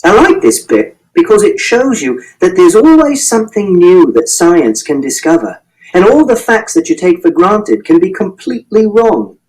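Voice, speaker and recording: A man's voice: high voice, very animated, normal speed, a little mellow, low-quality recording. A man reading a first-person audiobook in a precise, literal, matter-of-fact way. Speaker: audiobook narrator.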